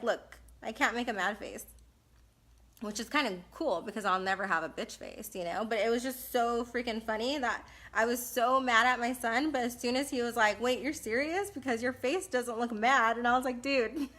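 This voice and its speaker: A woman's voice: on the high side, fairly quick, fairly bright tone. Chatty, blunt woman in her thirties. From California. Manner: blunt, chatty, laughs often. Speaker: live-stream host doing Q&A. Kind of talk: casual live Q&A chat.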